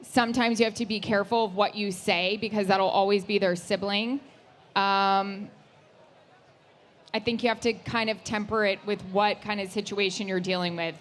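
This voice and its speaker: A woman co-hosting a live podcast on stage, excitable and blunt, giving quick, direct advice. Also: mid-range voice. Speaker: podcast co-host.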